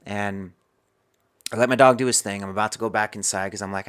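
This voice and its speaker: A man's voice: on the low side, steady tone, brisk, a bit bright, clear, resonant tone. A man as a podcast guest, telling a personal story and acting out his own inner dialogue.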